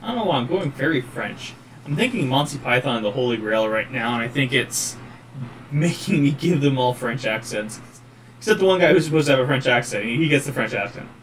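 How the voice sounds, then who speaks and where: A man casually commenting while playing a game, rambling and relaxed. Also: medium pitch, brisk. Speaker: gaming channel host. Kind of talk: let's play commentary. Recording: faint noise, distant mic.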